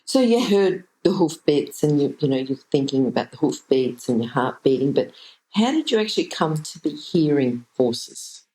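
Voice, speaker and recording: A woman's voice: low-pitched, sing-song, normal speed, dark tone, low-quality recording. A woman hosting an interview, giving brief encouragement and asking plain follow-up questions. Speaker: podcast host.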